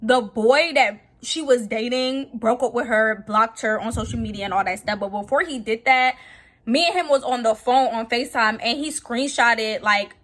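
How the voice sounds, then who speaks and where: A young woman tells a story to her viewers in loose, slang-filled talk. She is animated and keeps acting out what others said. Her voice sits a little on the high side. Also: moderate pace. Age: young adult. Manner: animated, slangy, acts out quotes. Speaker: vlogger. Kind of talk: casual storytime.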